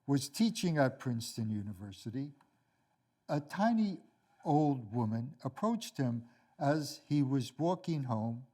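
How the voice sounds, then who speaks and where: An older man, a lecturer and author, reading a lecture and telling a story in a measured, deliberate, wry way. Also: mid-range voice, mellow.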